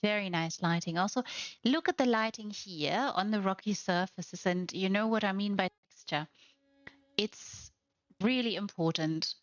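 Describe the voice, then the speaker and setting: A woman's voice: medium pitch, unhurried, no echo. A woman hosting a game housing showcase, talking over a gameplay tour in a gushing, affectionate, admiring way. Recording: slightly muffled, faint music behind.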